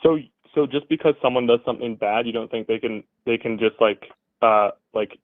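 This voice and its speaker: A man debating politics over a call, hesitant and halting, full of fillers. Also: medium pitch, no room sound. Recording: tinny phone-like line.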